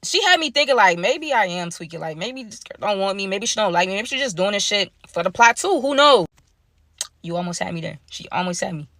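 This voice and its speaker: Young woman, casual story time, slangy and gossipy, dry close phone sound, mid-pitched voice. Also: animated, brisk, a bit bright, no echo. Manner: slangy, gossipy, talks straight to viewers.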